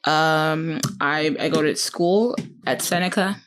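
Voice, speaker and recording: A woman's voice: low-pitched, takes it slowly, fairly bright tone, slight background noise. A nineteen-year-old woman, a podcast guest, who teases with dry one-liners. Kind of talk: casual chat.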